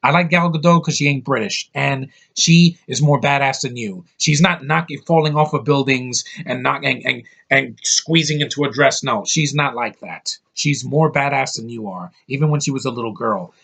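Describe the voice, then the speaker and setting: A man talks through a movie review in a loose, unscripted way. He is blunt and profane, often stumbling and restarting mid-sentence, at a middling pitch. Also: normal speed, vocal fry, hardly any pauses, fairly bright tone. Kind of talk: casual spoken review.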